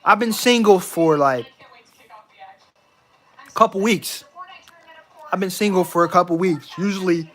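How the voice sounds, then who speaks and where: A man's voice: high-pitched, a little slow, long pauses, a bit bright. A young man talking straight to camera in a rambling, repetitive way, swearing and acting overconfident. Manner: rambling, repeats himself, swears, mock-confident. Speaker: vlogger. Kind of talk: casual venting monologue to camera.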